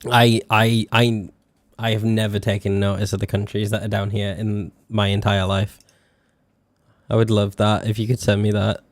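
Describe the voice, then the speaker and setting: Streaming a game live, a young Brit keeps up casual, self-deprecating chat full of swearing, drawing out words while attempting to spell them. His voice sits on the low side with little pitch movement, at a moderate pace, and there's no room sound.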